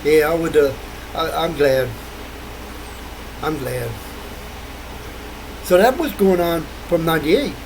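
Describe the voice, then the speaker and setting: Rambling older man, high lively voice. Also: takes it slowly, vocal fry, pauses often, slight background noise, rough recording. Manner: rambling, wandering, laughs often. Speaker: vlogger. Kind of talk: rambling late-night monologue.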